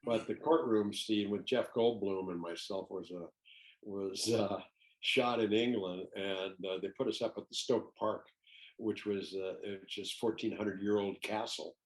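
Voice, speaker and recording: An older man, a guest actor, telling lively anecdotes in a casual interview and laughing often. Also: on the low side, measured pace, poor audio.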